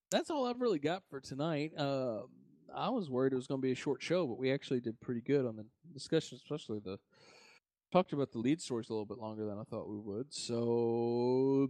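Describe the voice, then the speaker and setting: A man's voice: medium pitch, expressive, fairly quick, a little mellow, no room sound. Laid-back male podcast host, dry sound. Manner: rambling, laid-back, swears casually. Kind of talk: casual chat.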